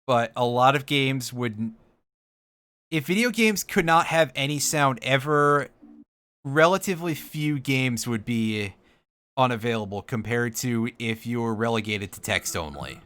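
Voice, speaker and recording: A man's voice: medium pitch, expressive, a little slow, fairly bright tone, clean tone. A man giving casual, wry let's-play commentary while streaming a video game, rambling with self-correcting asides and sounding sleepy. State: sleepy, yawning.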